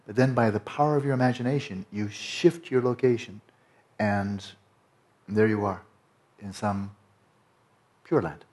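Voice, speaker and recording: Male meditation teacher with a lowish voice, giving a loose, conversational dharma talk full of restarts. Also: unhurried, pauses often, a little mellow. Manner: conversational, rambling with many restarts and "you know".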